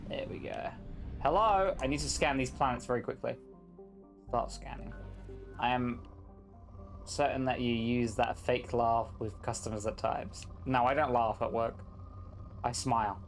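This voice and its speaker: A man's voice: mid-range voice, measured pace, pauses often, soft background music. A man live-streaming a game, chatting casually, joking and teasing as he reads chat aloud.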